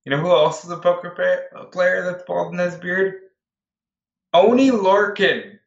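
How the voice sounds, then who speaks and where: A man co-hosting a casual wrestling chat, jokey and full of quick quips. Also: sits high, flat delivery, gravelly, roomy sound, highs cut off. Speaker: podcast co-host.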